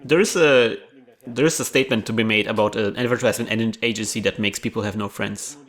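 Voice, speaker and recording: A man giving casual, chatty commentary on a card game tournament match, excitable and quick to laugh. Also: lowish voice.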